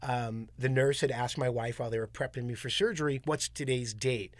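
A man from Long Island, a comedian guest, telling lively anecdotes and acting out the people in them in a casual interview. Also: medium pitch, a little fast, no echo. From Long Island, New York. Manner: animated anecdotes with acted-out quotes.

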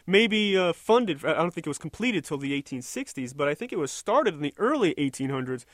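A man's voice: on the high side, big pitch swings, a little fast, a bit bright, no room sound, studio quality. A man delivering an indignant, sarcastic opinion rant, rambling and restarting his sentences as he goes. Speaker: political commentator.

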